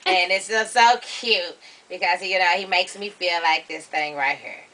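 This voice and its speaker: Bright, bubbly woman guest vlogger. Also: fairly low pitch, measured pace, distant mic. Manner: bubbly, chatty, loud bursts of laughter. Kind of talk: casual chat.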